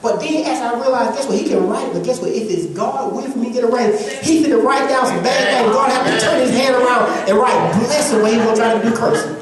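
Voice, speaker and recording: Preaching with hardly a pause, a woman speaks briskly in a fairly high pitch to her congregation in a church sanctuary. She is emphatic and repetitive, leading call-and-response over crowd noise. The audio comes from far off in an echoey hall.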